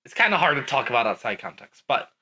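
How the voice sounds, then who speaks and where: Lively bright-voiced man chatting. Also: medium pitch, quick pace, husky, muffled recording. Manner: animated, swears casually. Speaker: podcast co-host. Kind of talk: casual gaming chat.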